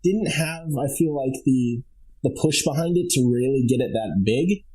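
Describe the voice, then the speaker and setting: A man's voice: medium pitch, animated, normal speed, warm tone, breathy edge, poor audio. A man appearing as a guest on a casual gaming podcast, giving his opinions in an easygoing way and thinking aloud as he goes.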